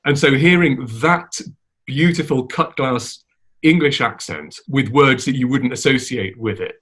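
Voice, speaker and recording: A man's voice: mid-range voice, a little slow, fairly bright tone, husky. A man interviewing a guest, asking loosely phrased, chatty questions. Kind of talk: conversational interview. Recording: muffled lo-fi sound.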